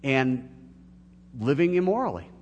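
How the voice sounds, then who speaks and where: A man's voice: mid-range voice, sing-song, measured pace, lo-fi sound. A middle-aged man preaching a sermon as a pastor, earnest and building to emphatic peaks. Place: church sanctuary. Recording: long hall reverb, faint hum.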